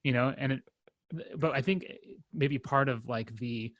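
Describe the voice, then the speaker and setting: A man's voice: mid-range voice, a bit bright, no room sound. Rambling man in casual podcast chat. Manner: rambling, halting with many fillers and restarts; wry, self-deprecating humor. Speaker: podcast co-host.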